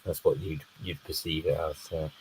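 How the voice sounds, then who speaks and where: A man's voice: very deep voice, little pitch movement, normal speed, a little mellow, a little hiss or hum, rough recording. A man from northern England with an English accent, hosting a casual livestream chat, laughing often and joking about himself. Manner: laughs often, chatty and self-deprecating. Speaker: livestream host.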